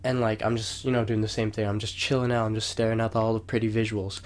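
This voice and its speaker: A young man with a lowish voice and fast delivery co-hosts a podcast, rambling through a long story in casual conversation. Heavy swearing runs through it, and he raises his voice for acted-out quotes in an animated retelling.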